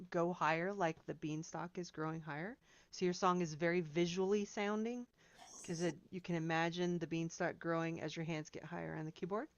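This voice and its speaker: A woman's voice: fairly low pitch, dull audio. A woman piano teacher giving chatty, encouraging feedback to students in a seminar, singing out rhythms as she explains.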